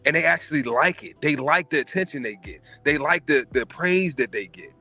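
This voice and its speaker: A man's voice: fairly high pitch, a little fast, bright, forceful tone, soft background music. A man hosting a casual podcast, giving emphatic, profane opinions. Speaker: podcast host.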